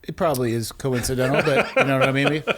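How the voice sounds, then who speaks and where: A man hosting a podcast, cracking quick jokes and laughing during a casual interview. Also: medium pitch, fairly bright tone. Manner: joking, quick asides, laughs a lot. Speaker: podcast host.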